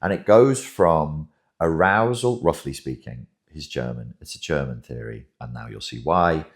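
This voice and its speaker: A man's voice: extremely low pitch, normal speed. A man hosting a commentary monologue, emphatic and wry, who often repeats himself as he talks. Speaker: host, relationship commentator.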